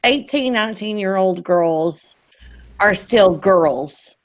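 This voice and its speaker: A woman's voice: medium pitch, expressive, slow pace. Woman in her thirties, earnest casual chat. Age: 30s. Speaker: podcast host.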